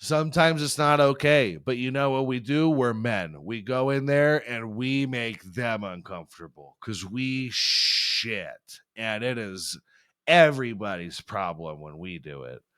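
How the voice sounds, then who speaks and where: A man's voice: mid-range voice, unhurried, a bit bright, clear, resonant tone. A young man hosting a podcast, riffing through a crude comedic monologue and laughing at his own jokes. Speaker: podcast host.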